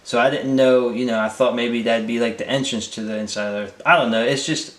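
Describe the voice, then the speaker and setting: A man's voice: medium pitch, fairly even intonation, quick pace, fairly bright tone. A man hosting a casual interview, talking in a rambling, unsure way full of hedges. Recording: echoey room.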